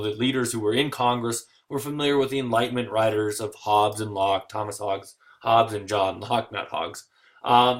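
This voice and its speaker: A man giving a recorded history lecture, lively and digressive, with jokey asides. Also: mid-range voice.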